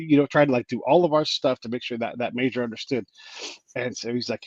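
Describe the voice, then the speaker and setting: A man's voice: fast, no echo, dull audio. A man hosting a podcast, telling stories in casual chat and acting out the people in them. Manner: animated, acts out quoted people with big pitch jumps. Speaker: podcast host.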